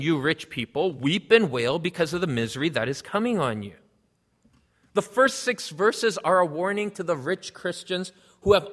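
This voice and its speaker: A man's voice: high-pitched, a bit bright. A man preaching a sermon, explaining a scripture passage in an earnest, teaching manner. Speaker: pastor. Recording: long hall reverb.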